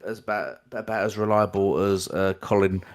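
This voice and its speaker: A man on a casual gaming podcast, chiming in with short remarks and quick laughs. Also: low-pitched, steady tone. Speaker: podcast panelist.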